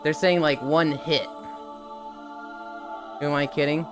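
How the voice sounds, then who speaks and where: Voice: medium pitch, steady tone, measured pace, music in the background. A live streamer chatting casually with viewers, laughing often and reading chat messages aloud.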